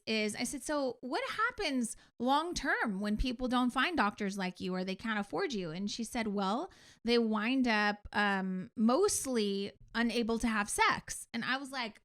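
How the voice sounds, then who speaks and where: Animated woman telling a story. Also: fairly high pitch, a little slow. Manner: animated, acts out quoted dialogue. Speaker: podcast co-host. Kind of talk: casual storytelling chat.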